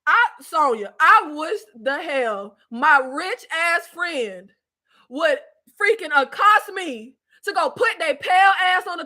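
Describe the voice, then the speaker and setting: A woman reviewing a TV series in a casual live chat, blunt and slangy, getting worked up, yelling and laughing at her own jokes. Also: sits high. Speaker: show reviewer.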